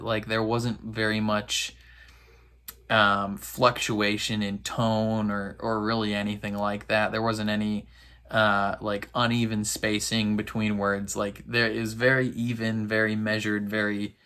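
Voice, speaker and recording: A man's voice: on the low side, a bit bright. A man giving casual reaction commentary on a show, rambling with lots of fillers and frequent laughs. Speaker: reaction video host.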